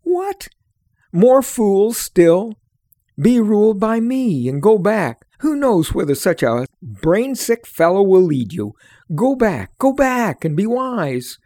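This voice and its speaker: A man's voice: high voice, very animated, a little slow, dark tone, no echo, pitched above the performer's own voice. A man reading aloud, voicing a stubborn, scornful male neighbor who blusters and mocks. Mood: blustering.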